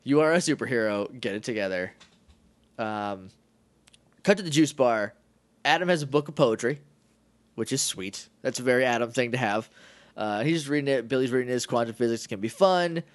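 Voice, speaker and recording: A man co-hosting a casual podcast, recapping a TV episode with lots of laughter and quick acted-out asides. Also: medium pitch, no room sound. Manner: excitable, laughs often, acts out lines in quick asides. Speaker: podcast co-host.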